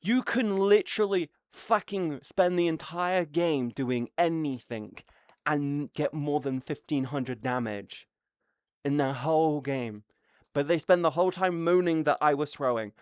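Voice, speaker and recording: Excitable woman streamer. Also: low voice, a little slow, clean tone, no echo, studio quality. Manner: excitable, swears a lot, laughs mid-sentence. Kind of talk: casual livestream storytelling.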